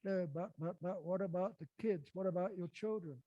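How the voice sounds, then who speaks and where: A man's voice: high-pitched, moderate pace, mellow, no room sound, muffled recording, close to an everyday voice. A man doing a stammering official. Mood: flustered. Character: flustered male education official.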